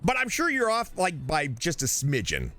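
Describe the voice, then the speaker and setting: A man puts on an eager, overly polite thirtysomething in a game role-play, deferential to the point of calling everyone sir. The voice sits a little high and is bright, bouncing up and down with lively inflection. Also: normal speed, no echo, faint music behind, full character voice. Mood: chatty.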